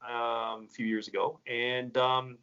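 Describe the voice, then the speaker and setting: A man's voice: medium pitch, level tone, measured pace, bright, forceful tone, smooth. A man hosting a casual interview, hesitant and full of uhs and ums. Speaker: interview host. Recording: dull lo-fi audio.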